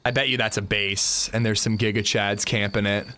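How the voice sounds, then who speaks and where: A man streaming a game, chatting in a relaxed way and answering his chat. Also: lowish voice, normal speed. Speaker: gaming streamer. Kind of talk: casual livestream chat. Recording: game ambience loud behind voice.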